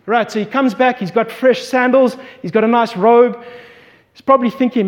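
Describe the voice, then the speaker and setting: A man with a high, light voice preaches a sermon in a large hall, and his words ring out with a long reverb. He tells the story vividly and acts out the voices of the people in it. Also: steady tone, normal speed.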